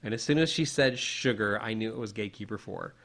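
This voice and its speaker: A man co-hosting a podcast, telling a personal story in a casual, animated way with many restarts. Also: lowish voice, fast talker, vocal fry. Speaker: podcast co-host.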